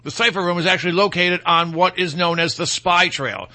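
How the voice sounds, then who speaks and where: A man's voice: high voice, a little fast, pushed and bright. A man from Michigan with a Michigan accent, hosting a casual political talk show in a rambling, opinionated way with folksy asides.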